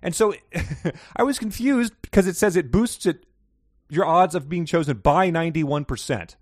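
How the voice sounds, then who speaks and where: A man's voice: fairly high pitch, expressive, moderate pace, dry recording, clean studio sound. A man co-hosting a casual book podcast, talking in a wry, rambling way with frequent laughs. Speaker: podcast co-host.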